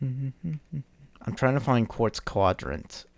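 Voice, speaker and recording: This young man's voice is mid-range and creaky, with lively intonation, and he speaks extremely slowly. He's giving casual commentary while playing a game on a live stream, rambling, restarting sentences, and cursing once in a while.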